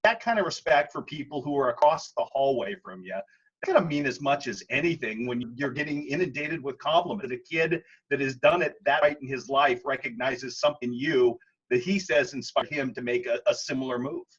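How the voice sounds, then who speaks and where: A man's voice: mid-range voice, fairly quick, fairly bright tone, slightly rough. A man interviewing a coach, asking long, wordy questions. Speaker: sports interviewer. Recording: muffled lo-fi audio.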